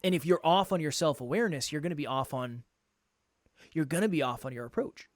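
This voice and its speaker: A man co-hosting a casual podcast, animated and prone to restarting his thoughts, joking at his own expense. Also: a little high, fast talker, no echo, clean studio sound. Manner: animated, restarts thoughts, self-deprecating jokes. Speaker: podcast co-host.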